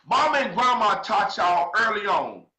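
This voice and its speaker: A man crying as he preaches to his viewers, swearing freely and swinging from shouts to quiet asides. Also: high-pitched, animated, normal speed, echoey room, rough recording. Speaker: social media commentator. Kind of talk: emotional monologue to viewers.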